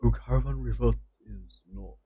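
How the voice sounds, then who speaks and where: Husky, dark-voiced male streamer. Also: medium pitch, normal speed. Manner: chatty, laughing, says "bro". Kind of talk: casual game commentary.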